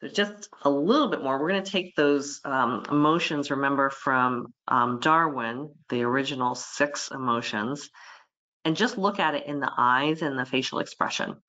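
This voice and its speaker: A woman veterinarian giving a webinar lecture, lively, who voices the animals' thoughts in quick quoted asides. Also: very deep voice.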